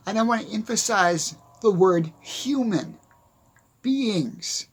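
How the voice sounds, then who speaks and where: A tired man speaking in an earnest monologue, halting and often repeating his phrases as he goes. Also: high-pitched, expressive, husky. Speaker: speaker on philosophy.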